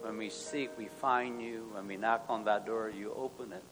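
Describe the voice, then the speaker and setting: A male pastor leading an earnest spoken prayer, moving between hushed and loud passages. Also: fairly low pitch, steady tone, normal speed. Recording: long hall reverb, soft music.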